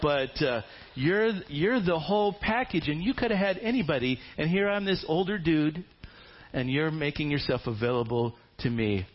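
A man's voice: mid-range voice, normal speed, hardly any pauses, lightly acted. A man voicing an older, humble and gracious landowner who gushes with praise, on a dull lo-fi recording. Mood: gushing.

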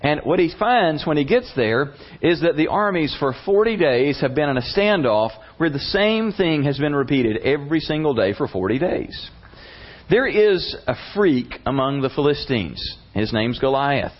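A man's voice: on the high side, animated, moderate pace. Man telling a Bible story casually. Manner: casual, conversational storytelling with slang. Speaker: preacher, Bible teacher. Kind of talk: sermon retelling a Bible story. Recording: slightly muffled lo-fi recording.

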